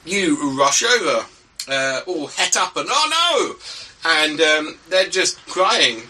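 Game master guy, chatty and casual, bright voice, mic kinda far. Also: fairly high pitch, slow. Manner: casual, lots of "like" and "um". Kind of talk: narrating a tabletop horror game.

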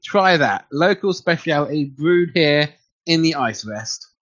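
A man's voice: a little high, lively intonation, unhurried, fairly bright tone, dry recording. Man doing a thick-accented Scandinavian landlady. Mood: welcoming. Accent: Scandinavian, put on. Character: tall broad female Scandinavian landlady Clarissa.

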